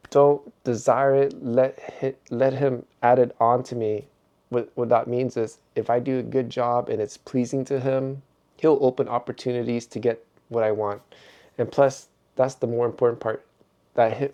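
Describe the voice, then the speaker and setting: A man's voice: medium pitch, warm tone. A middle-aged man vlogging in a rambling, reflective way, chuckling often as he talks. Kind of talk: casual vlog monologue.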